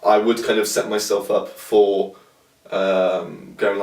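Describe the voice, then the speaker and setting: Low-voiced man talking from afar. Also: level tone, slow, a little mellow. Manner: rambling, searching for words, with filler and restarts. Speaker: vlogger. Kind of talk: casual reflective talk to camera. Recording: roomy sound from a distant mic.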